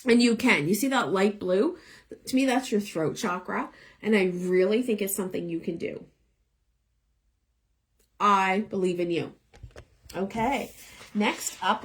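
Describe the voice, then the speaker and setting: With a bit of hiss or hum in the audio, a tarot reader talks at a medium pitch into a phone held above eye level. She's a young woman whose voice is going, and her live readings are chatty and encouraging.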